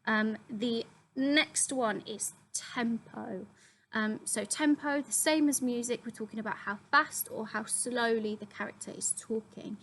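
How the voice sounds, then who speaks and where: A woman's voice: fairly high pitch, normal speed, slight background noise, low-quality recording. A young woman, a drama teacher, steadily explaining acting terms to her students with frequent ums. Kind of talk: classroom explainer video.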